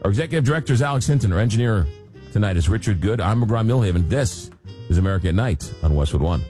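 A man's voice: on the low side, expressive, quick pace, music in the background. A man hosting a late-night radio show, rambling casually with lots of fillers while he gets over a cold. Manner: rambling, searching for words with many fillers. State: recovering from a cold. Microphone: studio microphone.

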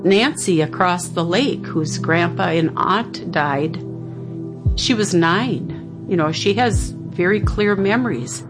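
A woman's voice: fairly low pitch, slow pace, music in the background. A middle-aged woman, telling a personal family story in a reflective, conversational way. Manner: reflective, conversational, quotes others' words. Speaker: interviewee.

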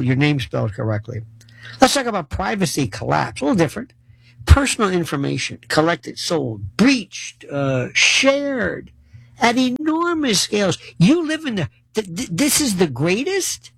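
A man delivering a sarcastic, animated commentary monologue, mocking the voices of the people he argues against. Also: high-pitched, creaky, no echo, poor audio. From United States. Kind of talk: ranting monologue to camera. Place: New York City.

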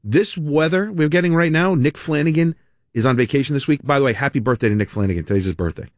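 A man's voice: fairly high pitch, quick pace, dry recording, clean studio sound. A man hosting a talk radio show in a casual, chatty monologue, laughing as he talks. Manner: chatty, animated, laughs often. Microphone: studio mic.

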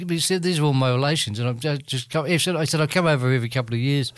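A man's voice: fairly high pitch, very fast, no room sound. A man telling a rambling anecdote as a radio guest, full of restarts and frequent laughter. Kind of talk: anecdotal storytelling.

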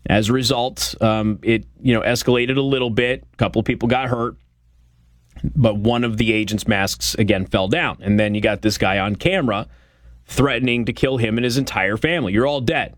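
A man's voice: medium pitch, brisk, no echo, clean studio sound. A man hosting a political talk show, giving a blunt, opinionated monologue with frequent fillers. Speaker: radio show host.

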